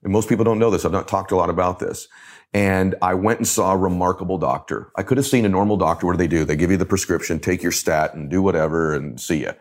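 A man's voice: sits low, fast. A middle-aged man, a motivational coach, telling a personal story with emphatic, repetitive phrasing in a podcast conversation. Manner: emphatic, repeats phrases for effect.

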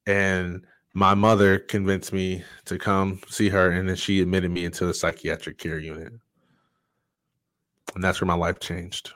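A middle-aged man speaking as a guest, telling a personal story earnestly and candidly, halting often with fillers. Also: sits low, flat delivery, fairly bright tone, no room sound. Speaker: podcast guest.

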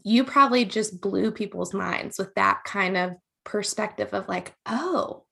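A woman hosting a podcast who gushes over her guest with enthusiasm and big jumps in pitch. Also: moderate pace, vocal fry, a bit bright. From US South. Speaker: podcast host. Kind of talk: podcast interview.

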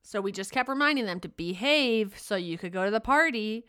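A woman's voice: mid-range voice, animated, brisk, sharp tone, smooth. A woman co-hosting a teaching podcast, telling classroom stories in an earnest, heartfelt way. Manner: earnest, storytelling, emotional. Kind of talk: casual podcast chat.

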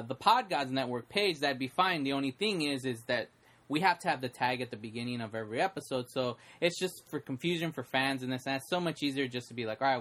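A man's voice: mid-range voice, a bit bright. A man co-hosting a podcast in casual chat, rambling and correcting himself as he explains plans. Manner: rambling, self-correcting, jokey. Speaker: podcast co-host.

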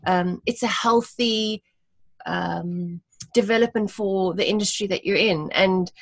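Woman, South African accent, podcast guest, earnest and frank, mid pitch, dry close sound. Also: measured pace, vocal fry, no room sound. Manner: earnest, frank advice with restarts. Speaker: guest, designer. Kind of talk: casual podcast chat.

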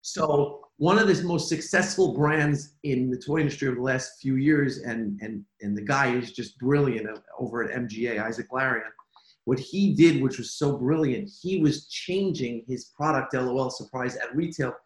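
A man in an interview who tells business stories in an animated way, repeating himself and laughing easily. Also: mid-range voice, moderate pace. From United States. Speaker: toy company executive. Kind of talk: conversational interview. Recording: echoey room.

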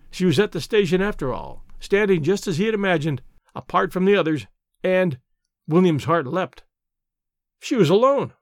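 Expressive male storyteller, high voice. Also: no room sound, clean studio sound. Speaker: narrator. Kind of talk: scripted story narration.

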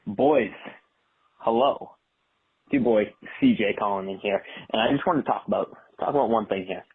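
A man calling in to a podcast, talking excitedly with rising emphasis. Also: lowish voice, normal speed, husky. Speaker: caller. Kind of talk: phoned-in voicemail. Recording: tinny phone line.

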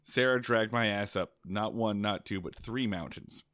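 A man's voice: fairly low pitch, moderate pace, a bit bright, no echo. A man co-hosting a casual podcast, telling a rambling story with many restarts and laughs. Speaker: podcast co-host.

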